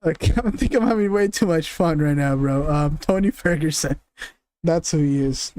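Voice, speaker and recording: A man's voice: on the high side, normal speed, a little mellow, slight background noise. A young man streaming casual commentary, rambling, cursing, laughing often and groping for names.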